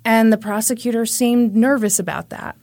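A woman's voice: a little high, moderate pace, darkish tone, no echo. A woman hosting a podcast, telling a true crime story in a conversational way with wry asides. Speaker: podcast host.

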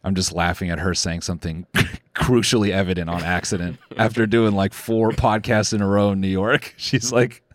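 A man's voice: low voice, fairly even intonation, normal speed, no room sound, studio quality. A man hosting a comedic podcast, rambling sarcastically and laughing often between jokes. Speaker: podcast host. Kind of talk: casual comedic podcast chat.

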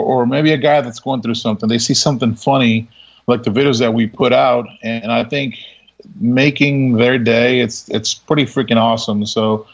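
Laid-back man with a gravelly voice. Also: medium pitch. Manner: laid-back, laughing, many restarts and fillers. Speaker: podcast guest. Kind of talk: casual storytelling. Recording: dull lo-fi sound.

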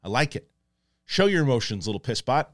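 A male host giving an excited, rambling spoken review of a TV episode and acting out lines as he goes. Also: mid-range voice, a little fast, no echo, clean studio sound.

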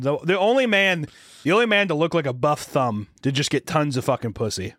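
A man's voice: a little high, animated, a little fast, a bit bright, no room sound, clean studio sound. A young man co-hosting a podcast, telling crude stories in casual chat and slipping into mock voices. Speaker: podcast co-host.

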